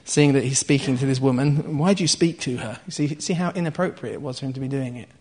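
A man in the middle of his pitch range gives a sermon in an easy, conversational way. He walks through a scripture passage line by line, stopping to explain and check in with his listeners. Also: fast talker, breathy edge. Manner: explains scripture line by line with asides and soft laughs. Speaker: preacher. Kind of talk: conversational Bible teaching.

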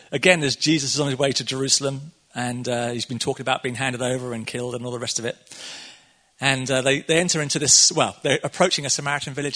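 A man's voice: mid-range voice, pushed and bright. A man preaching a casual sermon, chatty and conversational, laughing often and acting out the quotes.

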